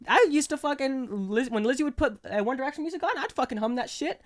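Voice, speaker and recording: A man's voice: extremely high pitch, expressive, fast talker. A young man co-hosting a casual podcast chat, swearing constantly and rambling with emphasis. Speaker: podcast co-host.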